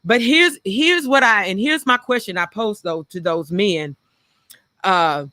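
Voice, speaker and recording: A woman's voice: mid-range voice, expressive, unhurried, pushed and bright, no room sound. A middle-aged woman hosting a talk show, speaking frankly and earnestly about her own past and repeating phrases for emphasis. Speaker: show host. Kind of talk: reflective personal talk.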